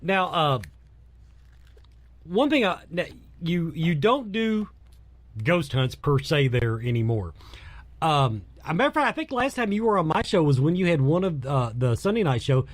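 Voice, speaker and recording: A man hosting an interview, asking questions in a halting way with restarts. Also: a little high, very animated, dry recording. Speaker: show host.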